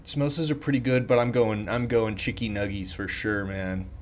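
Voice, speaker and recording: A man taking online quizzes in casual commentary, thinking out loud, swearing freely and playing up mock indignation. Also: fairly low pitch, steady tone, moderate pace, a little hiss or hum.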